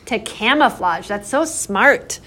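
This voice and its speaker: A woman's voice: a little high, animated, takes it slowly, a bit bright. A woman leading a live children's yoga class indoors, talking in a playful, encouraging, sing-song way.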